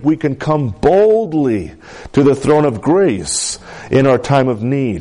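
A man's voice: fairly high pitch, mellow. A man preaching a sermon, stressing key words and calling out to his congregation for an amen. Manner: emphatic preaching with congregation call-outs. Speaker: pastor.

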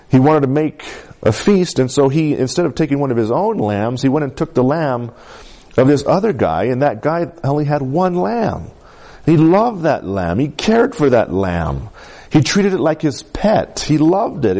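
Mellow-voiced male preacher, lively delivery. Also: mid-range voice. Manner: conversational, asks the congregation for responses. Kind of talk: sermon.

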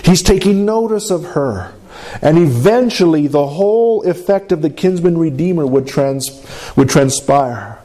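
A man preaching a sermon to a congregation, asking for amens and swinging between high emphatic lines and low drawn-out ones. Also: lively intonation, dark tone. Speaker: pastor.

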